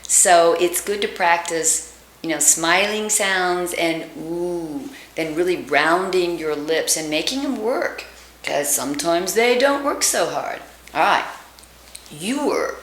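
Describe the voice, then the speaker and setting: A woman, an acting coach giving a lesson and slowly sounding out vowels to demonstrate them. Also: fairly low pitch, fairly bright tone. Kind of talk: accent reduction lesson. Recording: echoey room.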